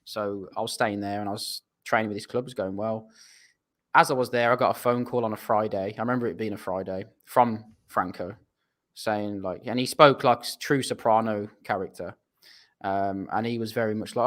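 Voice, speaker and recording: A man's voice: on the low side, brisk, fairly bright tone. English man telling a rambling story. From England. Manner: rambling anecdotal, self-deprecating. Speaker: guest footballer. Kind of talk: casual storytelling.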